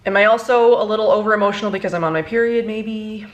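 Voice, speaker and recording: A young woman, a beauty vlogger, chatting casually through a makeup tutorial, rambling and halting, emotionally worn out. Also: mid-range voice, steady tone, highs cut off. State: emotionally exhausted.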